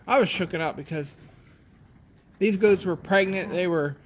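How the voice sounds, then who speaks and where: A man who farms goats, telling a story in a plainspoken, halting way, often restarting his sentences. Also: high-pitched, a little hiss or hum. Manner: plainspoken, halting, shaken retelling. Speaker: goat farmer. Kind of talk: casual storytelling.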